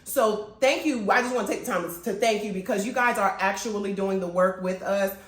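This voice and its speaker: A woman's voice: mid-range voice, fairly quick. A woman from Florida co-hosting a casual chat, talking bluntly and emphatically with some swearing. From Florida, USA. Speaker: podcast co-host. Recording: echoey room.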